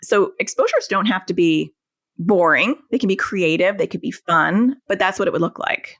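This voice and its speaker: A woman's voice: fairly low pitch, lively intonation, moderate pace, dry recording, clean studio sound. A woman therapist, a guest on an interview podcast, explaining things and illustrating them with everyday family examples. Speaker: anxiety and OCD therapist, guest.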